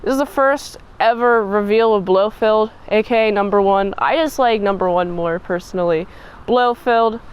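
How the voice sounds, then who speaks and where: A woman chats through a movie review outdoors, shivering in the cold wind. She gushes and adds playful asides. Her voice stays smooth and clear at a middle pitch. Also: normal speed, rough recording. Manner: chatty, gushing, playful asides.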